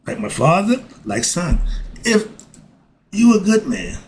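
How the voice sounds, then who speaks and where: A man's voice: high voice, sing-song, slow, slight background noise. An older man giving life advice in a casual monologue, folksy and emphatic, breaking off with frequent asides.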